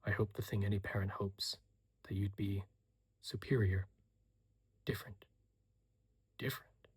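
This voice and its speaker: Gentle worried mother, read by a man; whispered role-play, breathy. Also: lowish voice, level tone, moderate pace. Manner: soft, gentle and hushed.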